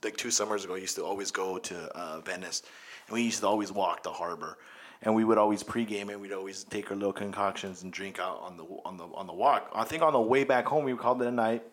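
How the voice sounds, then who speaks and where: A man's voice: on the low side, fast. A man co-hosting a casual podcast, eagerly recalling memorable nights and often restarting his sentences. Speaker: podcast co-host. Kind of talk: casual chat.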